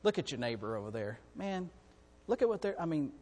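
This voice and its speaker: A preacher voicing a sly male devil who tempts with low, coaxing lies, in a reverberant hall. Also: big pitch swings, fairly quick, darkish tone.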